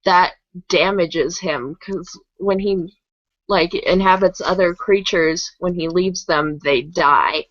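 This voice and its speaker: A woman co-hosting a casual book-club podcast, explaining her points deliberately. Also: lowish voice, steady tone, no echo, muffled recording. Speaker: podcast co-host.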